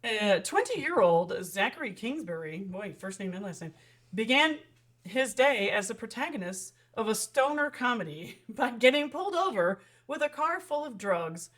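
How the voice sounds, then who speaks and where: A woman's voice: on the high side, big pitch swings, normal speed, fairly bright tone. A woman co-hosting a podcast, telling a news story in casual chat and laughing often. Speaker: podcast co-host.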